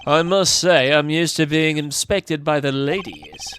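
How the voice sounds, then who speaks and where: A man's voice: fairly high pitch, measured pace, fairly bright tone, slight background noise. A man putting on a suave British charmer. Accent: put-on British. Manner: smooth, theatrical charm.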